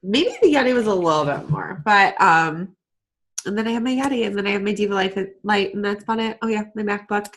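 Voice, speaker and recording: A woman's voice: medium pitch, brisk. A woman co-hosting a podcast in casual live-stream chat, laughing often and speaking into a USB desk microphone. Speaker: podcast co-host.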